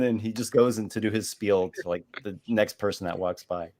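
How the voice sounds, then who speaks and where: A man narrating a tabletop game as game master, in a relaxed, rambling way. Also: lowish voice, fairly quick, few pauses.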